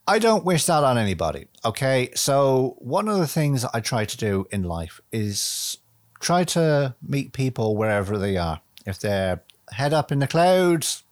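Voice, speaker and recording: A man talking to the camera in a casual, reflective monologue. He rambles with lots of fillers and is blunt and earthy, mixing quiet musing with the odd swear word. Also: medium pitch, no echo, clean studio sound. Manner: rambling, conversational, with frequent fillers.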